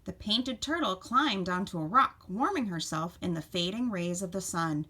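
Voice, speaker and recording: A woman teacher reads a picture book aloud for children with a very lively, sing-song pitch. She stops now and then to ask the children questions about what they see. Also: normal speed, few pauses, slightly rough. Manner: expressive, asks children questions. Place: home.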